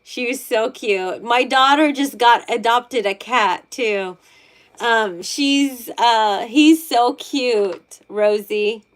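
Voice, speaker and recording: A middle-aged woman hosting a tarot livestream, chatting with her viewers in a slow, unhurried way. Her voice sits a little high, and she rambles and gushes, restarting her sentences as she goes. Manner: rambling, gushing, many restarts. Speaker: tarot reader, livestream host. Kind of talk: casual livestream chat with viewers.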